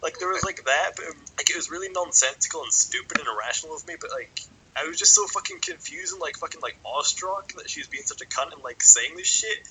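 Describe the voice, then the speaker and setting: A young man tells a long, rambling story on a casual podcast, with "like" and swearing in nearly every sentence. His voice is very bright and edgy, with a faint hiss in the background. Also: fairly high pitch, sing-song, quick pace, poor audio. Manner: sweary, rambling, filler-heavy. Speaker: podcast co-host.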